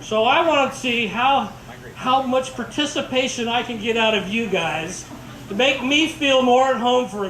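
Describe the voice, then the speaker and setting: A middle-aged man giving a memorial speech in a church chapel, telling stories in a halting, rambling way and chuckling often. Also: very high voice, noisy background. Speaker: family member giving a eulogy. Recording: echoey hall picked up from far off.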